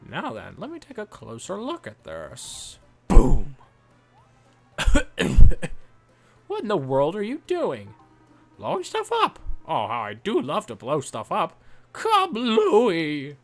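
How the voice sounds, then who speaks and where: A man voicing an eccentric old male professor who loves explosions, talking in a booming, gleeful, theatrical way, sounding distant with faint music behind. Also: huge pitch swings, slow pace, heavily acted.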